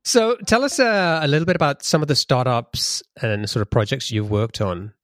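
A man's voice: mid-range voice, moderate pace, fairly bright tone, dry recording. Enthusiastic male podcast host, dry sound. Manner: enthusiastic, conversational questioning. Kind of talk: podcast interview and ad read.

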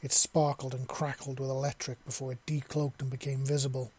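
A man reads a science fiction story aloud in a steady, plain way. His voice is mid-pitched for a man, neither high nor low. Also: a little fast, slightly rough. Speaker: narrator. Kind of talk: storybook reading.

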